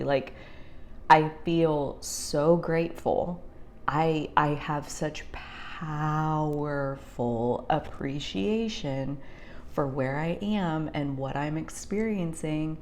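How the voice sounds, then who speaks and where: Low-voiced woman sharing heartfelt reflections. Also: a little hiss or hum. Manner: rambling, heartfelt, many fillers, drops to soft near-whispers. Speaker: spiritual vlogger. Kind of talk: emotional personal reflection.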